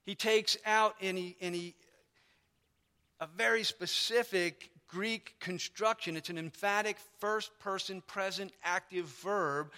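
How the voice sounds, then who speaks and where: High, bright-voiced man preaching in a church. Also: slow pace, clear, resonant tone. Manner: animated teaching, explaining and emphasizing. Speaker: pastor. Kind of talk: sermon. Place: church sanctuary. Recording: long hall reverb.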